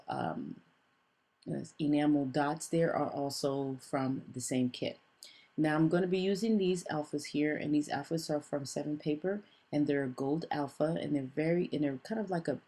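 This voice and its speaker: A woman's voice: low-pitched, darkish tone. A woman narrating a casual craft tutorial voice-over, chatty and meandering, with frequent fillers and self-corrections. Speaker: scrapbooking craft host.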